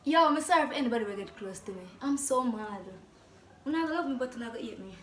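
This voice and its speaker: Young Jamaican woman, slightly high voice, playful, animated vlog host. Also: fast, slight background noise. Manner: playful, animated, slips into patois. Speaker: vlogger. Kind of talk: casual vlog chat to camera.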